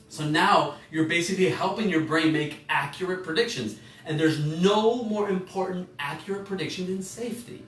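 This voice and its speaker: A man leads an online class on emotions in a loose, rambling way, correcting himself mid-sentence and asking his listeners questions. His voice sits a little high and comes from some distance off the mic. The room is echoey, with faint music playing underneath. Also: a bit bright, slight background noise. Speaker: emotional intelligence course teacher. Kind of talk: informal online class talk.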